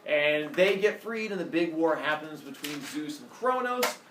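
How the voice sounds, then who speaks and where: Playful male teacher, lively pitch, roomy classroom echo, mic far off, faint background noise. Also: unhurried. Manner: quizzing, playful. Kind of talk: classroom review and storytelling.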